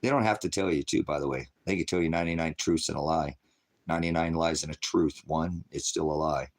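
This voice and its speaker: A man's voice: rumbling low, steady tone, fairly quick. A man hosting a casual livestream, rambling in a conspiratorial way, laughing often and answering viewers in chat. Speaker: livestream host.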